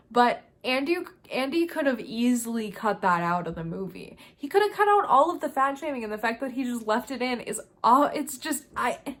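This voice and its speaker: A woman talking to camera in a casual review vlog, ranting in an animated, exasperated way. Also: on the high side. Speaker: video creator.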